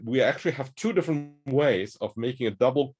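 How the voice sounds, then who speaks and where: A man's voice: mid-range voice, a little fast, a little mellow. A man hosting a conversation, explaining ideas in a thoughtful, searching way. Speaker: host. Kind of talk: conversational discussion.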